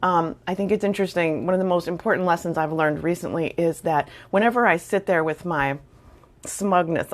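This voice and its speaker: A middle-aged woman with a low voice spins a casual anecdote to her viewers. She's wry and self-deprecating, chatting loosely with plenty of fillers. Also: brisk, vocal fry. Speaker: storyteller vlogger.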